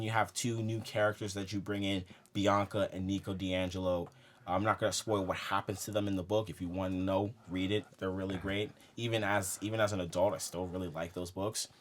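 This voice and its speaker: A young man co-hosting a casual film podcast, animated and laughing as he makes his points. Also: fairly low pitch, moderate pace, slight background noise. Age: young adult. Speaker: podcast co-host.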